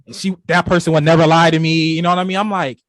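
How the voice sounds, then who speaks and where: A man's voice: a little high, flat delivery, fast, a bit bright, dry recording, studio quality. Rambling young man telling a story. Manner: rambling, full of "you know" and restarts. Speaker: podcast co-host. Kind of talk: casual storytelling chat.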